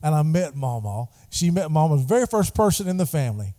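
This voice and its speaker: A middle-aged pastor delivers a sermon, his voice set high and mellow. He calls out prompts for the congregation to echo back, and the church sanctuary gives a long reverb tail. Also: sing-song, fast. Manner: call-and-response preaching, prompting the congregation.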